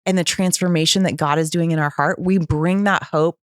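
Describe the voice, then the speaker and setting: Low-voiced woman telling her story animatedly. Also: brisk, dry recording, studio quality. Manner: animated, acts out quoted voices with pitch jumps. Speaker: podcast guest. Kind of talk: candid personal storytelling.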